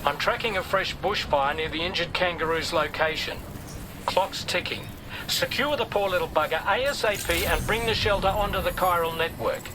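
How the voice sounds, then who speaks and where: A man's voice: sits high, moderate pace, close to an everyday voice. An actor playing an urgent male radio dispatcher, giving clipped orders in video game dialogue. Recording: game audio under loud noise.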